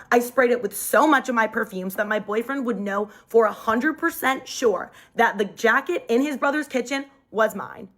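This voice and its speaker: Young woman, casual storyteller, phone mic, lively delivery with pitch jumps.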